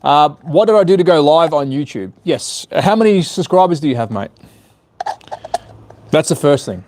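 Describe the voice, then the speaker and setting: A man's voice: a little high, lively intonation, normal speed, darkish tone, no echo. Chatty guy tinkering live. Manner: chatty, self-deprecating, mutters to himself while working. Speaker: hobby livestreamer. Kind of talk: casual live-stream commentary while tinkering.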